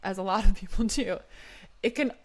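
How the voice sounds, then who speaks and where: A woman's voice: medium pitch, brisk. A woman co-hosting a podcast in casual chat, telling stories with lots of "like" and frequent giggles. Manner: giggly, storytelling with many "like"s. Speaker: podcast co-host.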